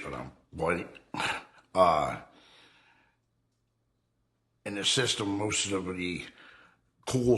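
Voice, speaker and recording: In a fireside-chat documentary interview, a middle-aged man tells his own story without a filter, bluntly and with plenty of profanity. He re-enacts heated confrontations, his pitch and volume swinging sharply as he does.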